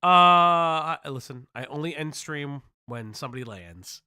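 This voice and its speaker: A man's voice: on the high side, a little slow, sharp tone, smooth. A man commenting on a live stream, swearing and reacting with sarcastic exasperation.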